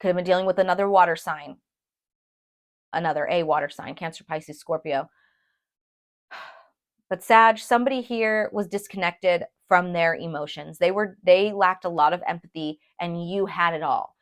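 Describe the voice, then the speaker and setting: A woman giving a casual tarot reading to her viewers, chatty and animated, checking in with them often. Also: fairly low pitch, normal speed. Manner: chatty and animated, addresses viewers as "you guys", frequent "okay?". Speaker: tarot reader.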